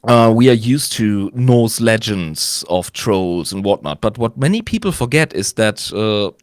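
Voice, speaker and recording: A man's voice: lowish voice, expressive, a little slow, no echo, studio quality. A man with a German accent chatting casually, hesitating with many fillers, swearing and laughing. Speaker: guest, German teacher living in Switzerland. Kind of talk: casual podcast chat.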